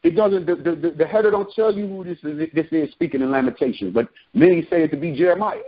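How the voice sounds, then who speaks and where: A man's voice: on the high side, fast talker, husky, dull audio. A man preaching from scripture, reading verses aloud and breaking into casual slangy commentary. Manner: reads verses then breaks into slangy asides. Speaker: street preacher.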